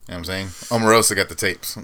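A man's voice: low voice, fairly even intonation, very fast, sharp tone. A man co-hosting a podcast, telling loose stories with laughs and swearing in casual chat. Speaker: podcast co-host. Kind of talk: casual chat about fighting sports.

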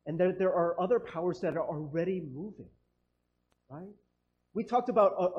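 A man with a high, mellow voice preaches a casual, chatty sermon, slipping into quoted voices as he talks. The sound is dull and lo-fi, like a church recording. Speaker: pastor. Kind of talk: conversational sermon.

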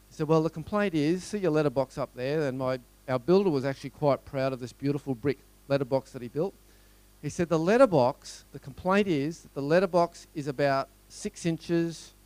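Australian man, middle-aged, storytelling speaker, rhetorical questions, smooth clear voice, dry close sound. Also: on the high side, darkish tone, dry recording. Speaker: motivational speaker. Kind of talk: storytelling talk to a live audience.

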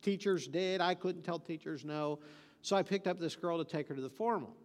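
A man's voice: on the high side, brisk, in a large hall. A man preaching a sermon, telling folksy stories and joking, then hammering points home with emphatic repetition. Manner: folksy storytelling with joke delivery.

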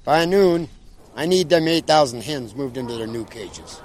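An actor playing a blunt, plainspoken middle-aged chicken farm boss in a film scene, giving orders outdoors. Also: male voice, medium pitch, animated, normal speed, a little mellow, a little hiss or hum, lightly acted. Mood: instructing.

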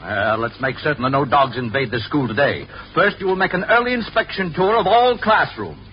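A man's voice: on the high side, lively intonation, a little fast, close to an everyday voice. An actor playing a stern, pompous male school official in a 1950s radio sitcom, heard in a dull old radio broadcast with faint hiss.

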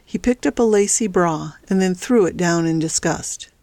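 Low-voiced woman reading a story. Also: moderate pace, darkish tone, no echo. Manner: reads all characters with small pitch shifts. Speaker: audiobook narrator. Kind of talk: scripted narration.

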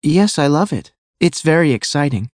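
A man's voice: fairly high pitch, animated, normal speed, no room sound, pitched above the performer's own voice, lightly acted. A man voicing a young, nervous female flight attendant who speaks politely and eagerly.

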